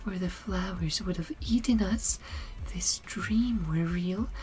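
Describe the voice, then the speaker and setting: Guy doing a soft breathy android girl, slow and dreamy, half whispering, higher than his usual. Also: rough recording. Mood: dreamy, wistful. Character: gentle young girl android, dreamy and trusting.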